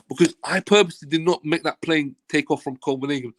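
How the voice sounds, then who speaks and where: Fast-talking and fairly high-voiced, this football agent tells a casual story while being interviewed. He animates it by performing the quoted exchanges and doesn't hold back on swearing.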